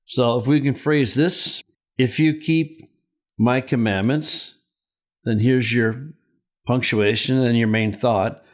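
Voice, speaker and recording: An older man gives a Greek grammar lesson at an unhurried, measured pace. His voice sits at an ordinary middle pitch. He walks through each point patiently and poses questions to his students as he goes. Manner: explains step by step, asking rhetorical questions. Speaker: Greek teacher. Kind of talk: slow, deliberate Greek lesson.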